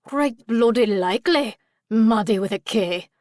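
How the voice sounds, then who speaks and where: A woman doing a squeaky, taunting male pixie. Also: unhurried, darkish tone, dry recording, clean studio sound, natural voice. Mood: defiant taunting. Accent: hint of Scottish. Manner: sing-song, taunting. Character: feisty cheeky male pixie, tiny and defiant.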